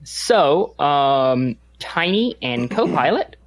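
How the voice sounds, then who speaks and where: Give me a relaxed game master narrating a tabletop role-playing session, full of fillers. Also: medium pitch, drawn-out words. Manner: laid-back, lots of fillers and laughter.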